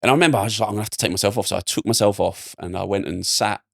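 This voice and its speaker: Young man from England, podcast guest, rapid rambling storyteller, lowish gravelly voice. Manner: rambling, animated storytelling with many fillers. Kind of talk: casual storytelling.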